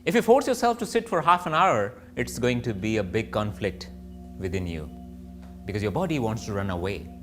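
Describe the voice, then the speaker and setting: A man's voice: on the low side, big pitch swings, moderate pace, faint music behind. A man teaching yoga, reflective, asking and answering his own questions. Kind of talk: spoken yoga lesson.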